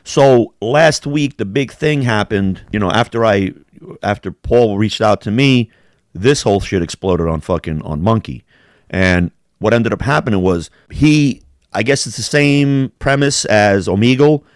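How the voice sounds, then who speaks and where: A man's voice: fairly low pitch, unhurried, no room sound, clean studio sound. A man co-hosting a casual podcast, telling stories in a rambling, profane way. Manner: rambling, profane storytelling with quoted voices. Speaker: podcast co-host. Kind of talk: casual chat.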